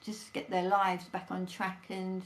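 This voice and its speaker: A woman's voice: lowish voice, monotone, unhurried. A woman talking earnestly and reassuringly in a casual two-person chat, with many fillers. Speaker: co-host.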